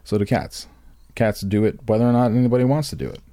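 A man's voice: lowish voice, expressive, fast, mellow, no echo, clean studio sound. A man co-hosting a podcast, rambling crudely and jokingly in a casual comedic chat. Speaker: podcast co-host.

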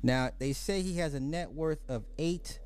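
A man hosting a podcast, giving animated, joking commentary and repeating phrases for effect. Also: fairly high pitch, normal speed, clean tone. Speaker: podcast host. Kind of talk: casual comedic commentary.

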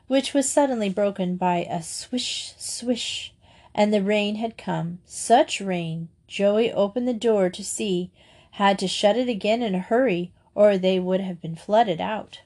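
A woman narrating a storybook in a clear, even manner. Her voice sits in a middle register. She reads at a steady storytelling pace. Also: mid-range voice. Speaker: audiobook narrator. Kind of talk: storybook reading.

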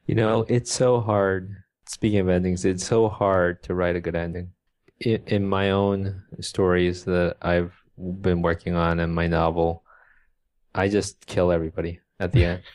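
A man's voice: low voice, flat delivery, unhurried, darkish tone, dry recording. A man co-hosting a podcast, chatting casually about books and reading passages aloud, laughing often and restarting his sentences. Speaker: podcast co-host. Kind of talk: casual literary chat with read-aloud passages.

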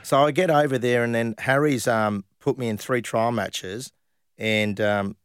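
A middle-aged man from Western Australia, telling animated stories as an interview guest, full of fillers. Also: mid-range voice, unhurried, smooth, dry recording, studio quality. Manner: animated anecdotes with frequent laughs and fillers. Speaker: guest, former footballer. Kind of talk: casual storytelling interview.

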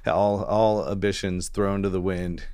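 Podcast co-host, middle-aged man, very low voice, chatty storyteller who slips into impressions. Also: a little slow. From Pacific Northwest. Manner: storytelling, animated impressions, laughs often. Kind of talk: casual chat.

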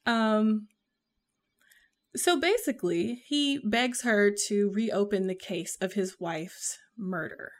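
A woman with a Southern American accent talks in a loose, rambling way, full of fillers and quick laughs. Her voice sits in a middle range for a woman. She sounds like a relaxed podcast co-host chatting about a book. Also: mid-range voice. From Southern United States. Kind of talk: casual chat.

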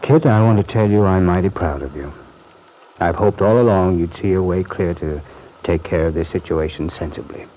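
A man's voice: low-pitched, moderate pace, mellow, a little hiss or hum, close to an everyday voice, rough recording. A man playing a genial fatherly banker uncle. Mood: concerned. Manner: genial, chuckling, reassuring. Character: fatherly middle-aged male bank owner uncle. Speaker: bank executive. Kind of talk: vintage radio soap acting.

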